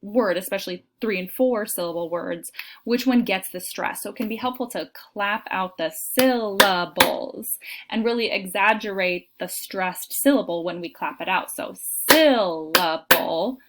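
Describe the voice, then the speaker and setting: A woman's voice: medium pitch, normal speed, background noise. A woman giving a recorded lecture on teaching, explaining steps with frequent fillers and spoken examples. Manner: explanatory, frequent ums, demonstrates intonation aloud. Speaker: teacher trainer.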